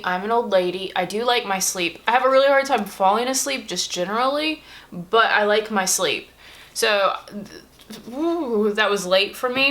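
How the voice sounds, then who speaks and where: A woman's voice: mid-range voice, a bit bright. A woman in her twenties chatting casually at home while she gets ready, rambling with lots of fillers into a camera-mounted mic. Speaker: beauty vlogger. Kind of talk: casual get-ready-with-me chat. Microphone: camera-mounted shotgun mic.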